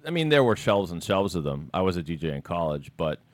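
A man's voice: sits low, sing-song, quick pace, dry recording. A man hosting a casual chat, telling rambling stories with restarts and laughter. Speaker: podcast host.

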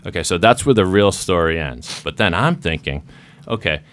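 A man hosting a podcast, telling a story in a casual, animated way and acting out the scenes. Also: deep voice, moderate pace. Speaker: podcast host.

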